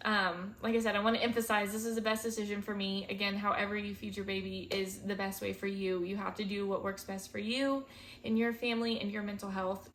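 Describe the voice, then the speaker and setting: A young woman vlogs in her twenties, speaking candidly and emotionally, sometimes near tears. Her pitch sits in the middle for a woman, and her talk is full of casual fillers. A faint hum of noise sits under the voice. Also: level tone, brisk, fairly bright tone. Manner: chatty, many fillers like "like" and "um". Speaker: vlogger, first-time mom.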